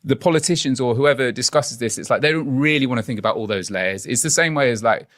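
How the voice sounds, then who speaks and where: A man's voice: mid-range voice, quick pace, a bit bright, dry recording, studio quality. Earnest man investigator talking. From England. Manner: earnest, probing. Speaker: guest investigator. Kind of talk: conversational interview.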